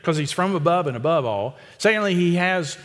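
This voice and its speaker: A man preaching an expository sermon, emphatic and repetitive, with quick asides to the congregation. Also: a little high, expressive, fairly bright tone, long reverb tail. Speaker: pastor.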